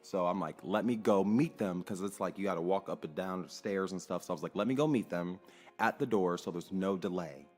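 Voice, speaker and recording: A young man with a deep voice tells a personal story casually and animatedly, a little fast, acting out quoted voices and swearing freely. Soft music plays in the background.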